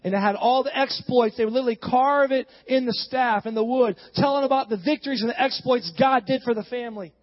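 Guy with a really high voice preaching, chatty storytelling that ramps up, long echo in a church. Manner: casual, animated storytelling with rising exhortation. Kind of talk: sermon. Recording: dull sound with long hall reverb.

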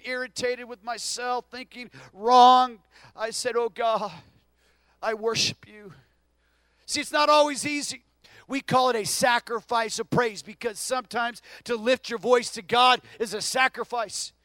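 A male pastor preaching a sermon in a church, swinging from hushed murmurs to loud, impassioned cries. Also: very high-pitched, steady tone, a little slow, clear, resonant tone, dry recording. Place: church stage.

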